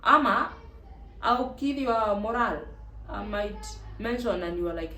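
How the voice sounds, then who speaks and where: A woman's voice: medium pitch, expressive, slow, long pauses, sharp tone. A woman with a Kenyan accent, hosting a casual advice vlog in a chatty, emphatic way. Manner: chatty and emphatic, mixing in Swahili. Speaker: vlog host. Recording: echoey room with faint ambient noise.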